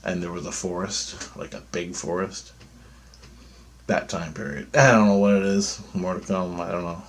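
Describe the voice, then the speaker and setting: Blunt, foul-mouthed man in his fifties, lowish voice. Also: steady tone, normal speed. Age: 50s. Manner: profane, blunt and rambling. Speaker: vlogger. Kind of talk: rambling spoken monologue.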